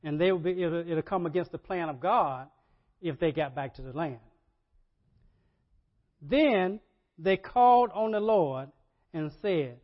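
A man preaching a sermon, animated, repeating words and rising to loud emphasis. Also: a little high, a little slow, long pauses. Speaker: pastor. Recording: dull lo-fi sermon audio.

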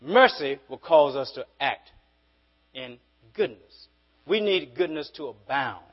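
A man preaching a sermon as pastor, emphatic and repetitive, swinging from forceful peaks to quiet asides. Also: a little high, animated, takes it slowly, breathy edge, dull audio. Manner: repeats words when building a point.

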